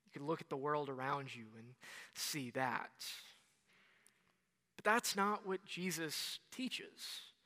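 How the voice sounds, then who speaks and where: A young man in his twenties preaching a sermon in a conversational, animated way. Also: fairly high pitch, slow pace, big-room sound. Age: 20s.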